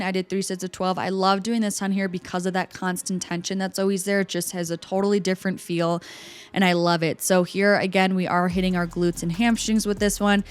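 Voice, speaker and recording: Young female trainer, chatty and instructive voice-over, mid pitch. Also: clear, resonant tone. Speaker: personal trainer. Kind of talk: voice-over workout explanation.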